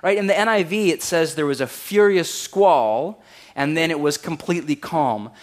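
A man, preaching a conversational sermon in a wry, animated way and raising his voice to act out quotes. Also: on the high side, moderate pace. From California. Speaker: pastor.

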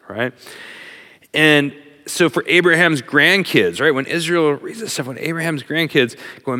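A middle-aged man preaching a sermon as a pastor, talking in an animated, conversational way with plenty of fillers. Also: mid-range voice, normal speed. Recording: long hall reverb.

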